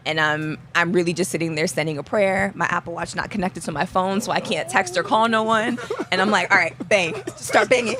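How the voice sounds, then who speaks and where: A young woman, an athlete guest, telling a story in a casual interview. She is animated, acts out the dialogue and laughs often. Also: lowish voice, fairly quick, few pauses.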